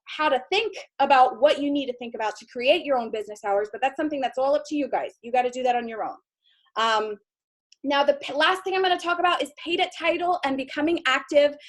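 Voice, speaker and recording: High-pitched woman running a sales training call, chatty, lots of ums and little laughs. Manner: chatty, self-deprecating, with frequent fillers and laughs. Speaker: sales team director giving training. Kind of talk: casual training talk.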